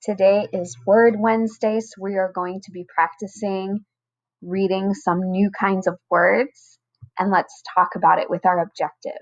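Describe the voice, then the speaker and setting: Slow, patient first grade teacher woman. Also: mid-range voice, little pitch movement, highs cut off. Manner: slow, patient, over-enunciated teacher talk. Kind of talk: recorded online lesson for children.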